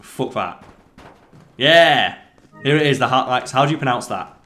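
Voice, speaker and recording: A man hosting a let's play, chatting excitedly over gameplay, swearing freely and quizzing his co-player. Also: medium pitch, fast talker. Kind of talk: casual gameplay commentary.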